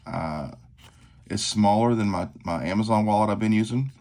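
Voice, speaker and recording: A man in his forties with a drawl and a low, gravelly voice. He rambles through a tabletop show-and-tell, leaning on fillers and poking fun at himself. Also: moderate pace, darkish tone. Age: 40s. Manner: rambling, self-deprecating, filler-heavy. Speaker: knife collector vlogger. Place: tabletop at home.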